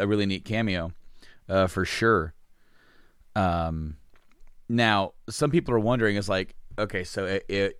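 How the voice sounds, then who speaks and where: A man's voice: on the low side, a bit bright, clean tone, dry recording, clean studio sound. A man co-hosting a casual chat, rambling with many restarts and casual swearing.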